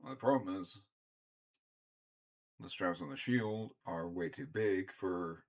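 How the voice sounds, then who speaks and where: A young man chatting casually as he unboxes and reviews action figures, rambling and often clearing his throat. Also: deep voice, expressive, slow. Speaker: toy reviewer.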